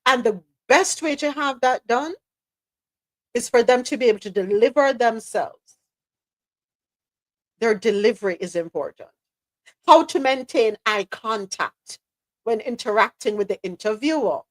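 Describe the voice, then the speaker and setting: A Jamaican woman hosting a live talk show, her voice pitched a little high. She speaks emphatically and with strong opinions, dropping into patois at times. Her voice sits close and dry, with no room echo. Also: expressive, unhurried, long pauses. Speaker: podcast host. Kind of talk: live news-talk podcast commentary.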